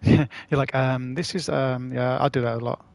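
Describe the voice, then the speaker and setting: A man's voice: medium pitch, steady tone, normal speed, darkish tone, no echo. A man chatting casually to his live-stream audience as he plays, rambling, swearing and using slang. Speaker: gaming streamer.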